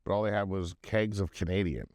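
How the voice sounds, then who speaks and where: A man's voice: sits low, a little fast, darkish tone, no room sound, clean studio sound. A man in his thirties co-hosting a casual drinking podcast, telling profane, giggly stories. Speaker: podcast co-host.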